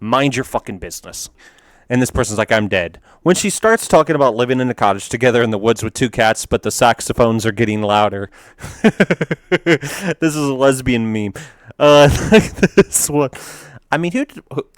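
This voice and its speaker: A man's voice: mid-range voice, expressive, moderate pace, no room sound, studio quality. A man giving casual reaction commentary on memes, ranting and profane, laughing often.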